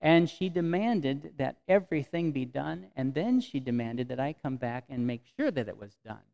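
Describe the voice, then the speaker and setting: A man preaching a conversational sermon to his congregation, telling stories with frequent restarts and swinging from soft to emphatic. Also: medium pitch, lively intonation, moderate pace, creaky, lo-fi sound. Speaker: pastor. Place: congregation meeting in a temporary venue.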